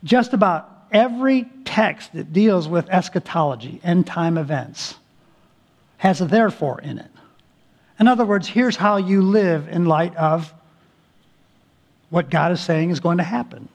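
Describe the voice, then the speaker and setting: A male pastor preaching a sermon, earnest and emphatic, stretching key words slowly and restarting phrases often. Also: high-pitched, lively intonation, vocal fry.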